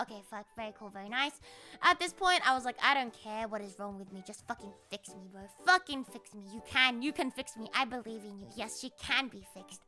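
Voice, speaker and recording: A woman's voice: a little high, expressive, brisk, bright, forceful tone, soft background music. A woman streamer telling a story in a casual, rambling, profane way.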